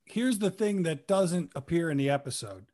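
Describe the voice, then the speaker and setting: A man who talks casually on a podcast, telling an animated, profane story about a scene he acted in. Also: fairly high pitch, moderate pace. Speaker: guest actor recalling a role.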